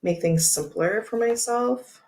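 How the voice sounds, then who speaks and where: A woman's voice: on the high side, measured pace, darkish tone. A woman hosting a tarot livestream, chatting casually and rambling with frequent laughs while she handles cards.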